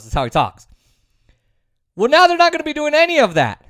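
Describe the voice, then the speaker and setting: A political commentary host delivers a sarcastic, opinionated monologue in a mid-range, sing-song voice that's brisk, fairly bright and smooth. Points get repeated for emphasis and opponents get mocked in put-on voices, recorded in echo-free studio quality.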